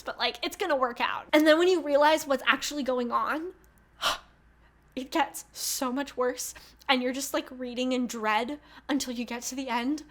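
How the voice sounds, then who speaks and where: A young woman in her twenties chatting casually as a book vlogger, gushing and animated, laughing often and swearing freely. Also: sits high. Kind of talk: casual book review chat.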